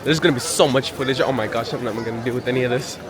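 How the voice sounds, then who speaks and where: A man's voice: mid-range voice, rapid-fire. A man chatting casually as a travel vlogger, rambling and joking at himself while walking outdoors with a handheld camera. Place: outdoors at a busy palace grounds. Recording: outdoor crowd noise. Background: crowd chatter.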